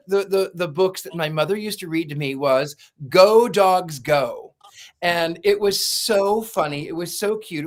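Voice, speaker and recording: A man hosting a casual livestream, chatting and telling stories with frequent restarts and repeated words. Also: high voice. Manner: rambling, repeats words while starting sentences. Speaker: livestream host. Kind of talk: casual chat.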